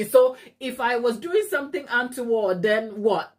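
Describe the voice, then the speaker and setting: A woman hosting a cake-baking channel, telling a story in a chatty, animated way from her home kitchen, acting out other people's lines in a high voice. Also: moderate pace, hardly any pauses. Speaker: cake maker and channel host. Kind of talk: casual live-stream storytelling.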